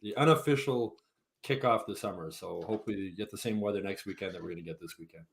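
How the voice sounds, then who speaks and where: A man, a newspaper columnist guest, chatting in a relaxed, matter-of-fact way. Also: on the low side, fast, gravelly, slightly rough. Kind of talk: casual conversation.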